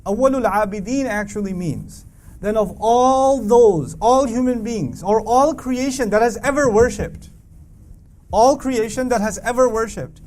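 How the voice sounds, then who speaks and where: A man teaching a live audience about a Quran verse, emphatic and full of rhetorical questions, reciting Arabic verses quickly. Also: very high-pitched, darkish tone, slight background noise.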